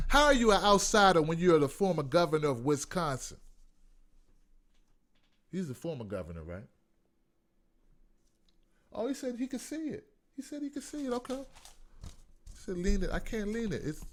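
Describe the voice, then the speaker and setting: A man from Washington, D.C., hosting a live call-in commentary show, reading viewer comments and ranting bluntly with lots of profanity. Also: sits high. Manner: profane, blunt, mocking, no filter; reads viewer comments aloud. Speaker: host.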